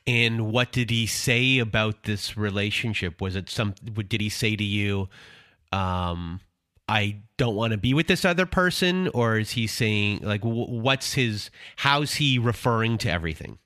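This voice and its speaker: A man hosting an interview podcast, recapping the guest's story in a measured way before asking his questions. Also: lowish voice, sharp tone, dry recording, studio quality.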